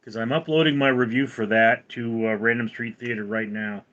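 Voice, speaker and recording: A man's voice: medium pitch, steady tone, moderate pace, fairly bright tone, lo-fi sound. A man hosting a casual livestream, rambling and answering viewers' chat questions. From California. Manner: rambling, reads chat aloud. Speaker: livestream host.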